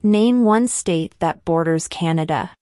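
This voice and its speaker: A woman slowly reading civics test questions and answers in a measured, deliberate way. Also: on the low side, warm tone, dry recording, clean studio sound. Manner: measured, deliberate delivery with long pauses.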